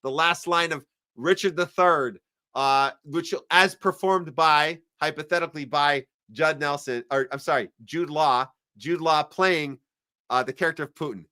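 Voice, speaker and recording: Crisp, forceful male podcast host. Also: a little high, unhurried, dry recording, clean studio sound. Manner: sarcastic, chatty commentary. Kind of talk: casual live-stream chat reading viewer comments.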